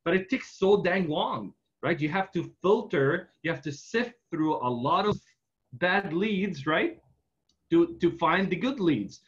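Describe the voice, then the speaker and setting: A man's voice: a little high, expressive, unhurried. Man coaching in a loose, filler-heavy style. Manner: loose storytelling, constant "right?" tags and fillers. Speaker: real estate marketing coach. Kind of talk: casual teaching in a Q&A. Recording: dull lo-fi recording.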